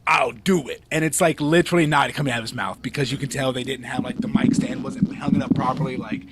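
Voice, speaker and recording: A man co-hosting a casual podcast chat, talking in a rambling, animated way with lots of fillers and restarts. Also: medium pitch, fast talker, slight background noise. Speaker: podcast co-host.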